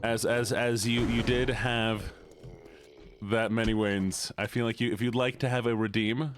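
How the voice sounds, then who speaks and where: A man's voice: mid-range voice, unhurried. A man hosting a live gaming stream in casual, teasing chat, laughing often and talking to his viewers. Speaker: streamer and host. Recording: steady background noise.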